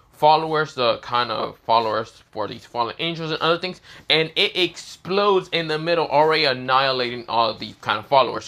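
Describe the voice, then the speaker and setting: Narrating an improvised fan story, a man with a sore, coughing throat rambles and keeps restarting his sentences, often falling back on "this is where, well." His mid-range voice sounds bright and forward.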